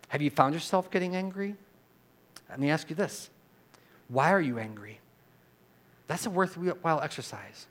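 A man preaching a sermon as pastor, earnest, moving from quiet reflection to loud emphatic repetition and leading the congregation to repeat lines after him. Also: a little high, lively intonation, normal speed, long pauses. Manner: leads the congregation in call-and-response.

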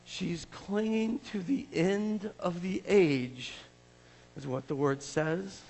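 A male pastor with a high voice takes his time during a sermon, acting out scripture scenes with a volunteer in an animated way. The recording is rough, with a long reverb tail.

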